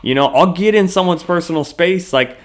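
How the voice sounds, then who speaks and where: A man's voice: sits high, fairly quick. Rambling, swearing man hosting a podcast. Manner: rambling, loose and profane, heavy with fillers. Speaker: podcast host. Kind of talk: casual solo podcast monologue.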